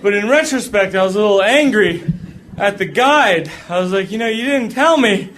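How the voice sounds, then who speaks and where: A man telling a funny personal story to a live audience, animated and jokey, acting out the voices. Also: high voice, normal speed, some chatter behind, a little hiss or hum.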